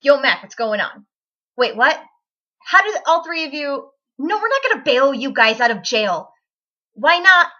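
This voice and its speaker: A woman's voice: sits high, sing-song, unhurried, pushed and bright, heavily acted. A woman reading aloud the lines of a smug, self-important grown man from fan fiction, in a haughty, dismissive manner, on dull lo-fi audio.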